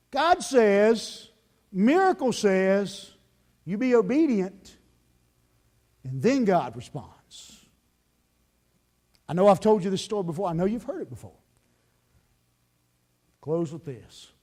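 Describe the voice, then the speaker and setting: A male pastor preaching a sermon in church, emphatic, swinging from loud pleading to hushed, earnest calls. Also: high voice, sing-song, slow pace, pauses often. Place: church sanctuary.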